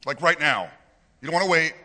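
Bright high-voiced male pastor, reverberant hall. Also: expressive, brisk. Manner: conversational, asks the congregation questions, jokes. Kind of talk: sermon. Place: church hall with a congregation.

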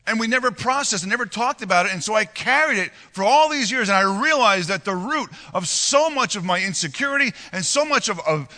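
A man in his forties preaching with a very bright, ringing voice that swings widely up and down. He speaks earnestly, often stumbling and repeating words as he tells a personal story. The sound carries a long hall reverb. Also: high-pitched. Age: 40s. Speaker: pastor.

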